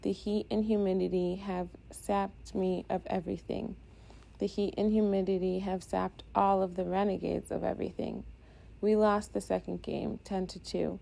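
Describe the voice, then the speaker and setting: A woman reading a first-person audiobook in a steady, introspective way. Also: mid-range voice, normal speed, creaky. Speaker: audiobook narrator.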